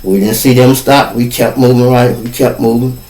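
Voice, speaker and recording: A man, hosting a podcast and telling a street story in a profane, animated way. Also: mid-range voice, moderate pace, far from the mic, a little hiss or hum. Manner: animated, profane, acts out every voice. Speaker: podcast host. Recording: echoey room.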